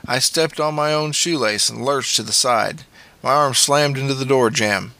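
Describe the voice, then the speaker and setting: A man's voice: medium pitch, normal speed, creaky, pushed and bright, dry recording. A man narrating a memoir audiobook in a plain, matter-of-fact way.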